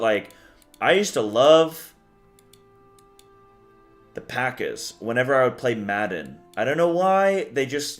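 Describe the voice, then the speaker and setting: A tired young man streaming a game, rambling and swearing casually as he chats with viewers. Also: mid-range voice.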